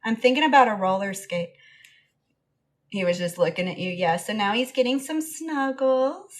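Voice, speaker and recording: On a live stream, a young woman who owns a parrot chats casually, answering comments and cooing baby talk to her bird in between. Her voice is a little high and expressive, at a moderate pace.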